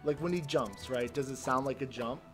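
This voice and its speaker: A male streamer commentating live on his gameplay, excitable and laughing, yelping at the game and talking to his chat. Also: medium pitch, moderate pace. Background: game music.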